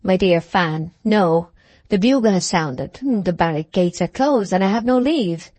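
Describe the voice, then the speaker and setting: A man's voice: high-pitched, unhurried, a little mellow, dry recording. A woman voicing an evasive young male soldier in an audiobook, with a cool, offhand manner. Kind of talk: audiobook character reading.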